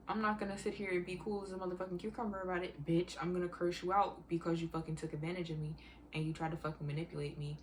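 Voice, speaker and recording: A woman's voice: lowish voice, a little hiss or hum. Heated, profane woman ranting. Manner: exasperated storytelling. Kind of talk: emotional rant vlog.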